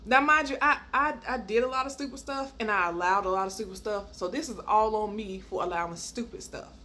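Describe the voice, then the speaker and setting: A woman telling a personal story in a casual, animated way, laughing as she goes and jumping high when she acts out quoted lines. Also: fairly quick. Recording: faint background noise.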